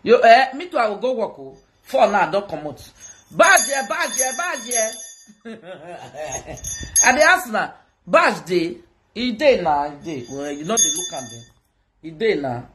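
Amid crowd noise, a livestreaming woman with a Nigerian accent chats and jokes with viewers, singing playful hawking calls as she mixes Pidgin and Yoruba. She has a mid-range voice with big pitch swings at a measured pace.

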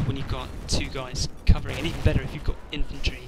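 A man's voice: mid-range voice, flat delivery, fast talker, over loud music, rough recording. A man giving rambling, sweary, self-mocking commentary over his own gameplay. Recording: loud game gunfire and explosions behind.

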